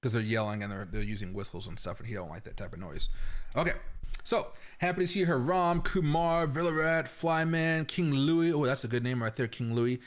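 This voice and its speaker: A man's voice: medium pitch, fairly even intonation, a little fast. Chatty man hosting a crypto livestream. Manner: chatty, rambling, talks straight to viewers. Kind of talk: casual livestream commentary. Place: home.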